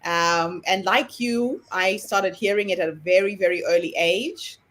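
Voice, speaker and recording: A woman's voice: lowish voice, unhurried, a bit bright. A woman candidly sharing a childhood story on a video call. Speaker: summit participant.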